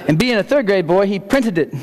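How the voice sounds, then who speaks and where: A man's voice: high-pitched, expressive, fairly quick. Joking man speaking in a big hall. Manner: joking, storytelling, repeats key phrases. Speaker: keynote speaker. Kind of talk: humorous conference keynote. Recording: long hall reverb.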